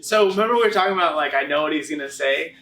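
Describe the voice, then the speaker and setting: A man with a slightly higher voice hosts a casual interview, dropping in lots of fillers and quick acknowledgements. His voice carries a roomy echo, picked up from some distance. Faint background noise sits underneath. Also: sharp tone. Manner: frequent "like" fillers and short backchannels. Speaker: podcast host.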